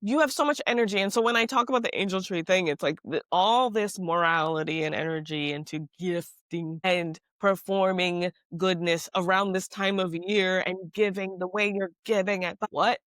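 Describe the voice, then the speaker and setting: A woman co-hosting a podcast in casual chat. She talks in animated, exasperated rants with emphatic outbursts. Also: on the low side, moderate pace, hardly any pauses, dry recording. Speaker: podcast co-host.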